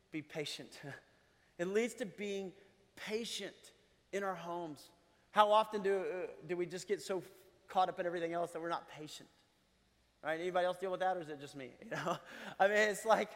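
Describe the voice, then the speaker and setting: A middle-aged male pastor giving a conversational sermon, chuckling and asking the congregation questions. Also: sits high. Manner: conversational preaching with laughs and asides. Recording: long hall reverb.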